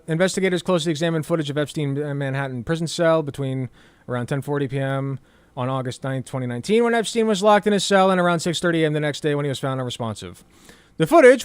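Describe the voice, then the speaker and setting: A sarcastic male political commentator who reads articles aloud and riffs on them with casual swearing. His voice sits high for a man and sounds smooth and clear. He is recorded close on a studio mic in a dry, dead room. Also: dry recording.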